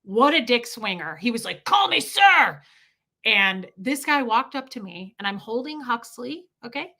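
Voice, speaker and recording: A woman on a casual livestream, spinning stories for her chat with a bright, forward tone. Her voice sits a little high and she swears freely, jumping into the voices of the people she describes. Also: normal speed. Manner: animated, profane, acts out quoted people. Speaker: livestream host. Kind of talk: casual storytelling to a live chat.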